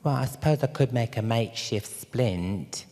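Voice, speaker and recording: A man's voice: mid-range voice, animated, moderate pace, warm tone, big-room sound, natural voice. A British man voicing a cautious, fussy woman nurse from a film set, with hesitant, apologetic speech. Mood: matter-of-fact.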